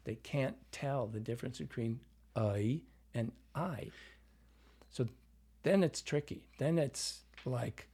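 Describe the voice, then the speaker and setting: A Midwestern man from Iowa talks through his stories as a dialect coach, and his voice has a husky grain at a mid pitch. He slips into the voices of the people he quotes. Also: measured pace. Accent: Midwestern American. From Iowa, USA. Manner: animated anecdotes, acting out quoted voices. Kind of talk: storytelling interview.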